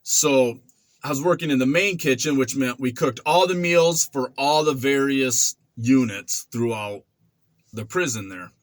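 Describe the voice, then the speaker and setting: Speaking a little slowly in a mid-range voice, this forties-aged male vlogger casually relates a story from his past. He acts out quotes and sound effects with animation, and the recording has no room sound.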